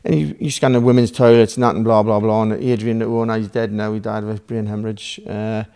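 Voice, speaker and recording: Geordie man, guest on a podcast, gravelly voice, rambling, profane storyteller who quotes both sides of a row. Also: lowish voice, flat delivery, quick pace, warm tone. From Newcastle, England. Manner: rambling, swearing, acts out dialogue. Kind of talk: casual storytelling.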